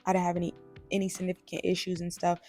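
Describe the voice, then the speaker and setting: A young woman vlogger chatting casually about a trip, talking in a lively way with lots of fillers. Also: lowish voice, very fast, soft background music. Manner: chatty, animated, many "like"s. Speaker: travel vlogger. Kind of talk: casual storytelling vlog.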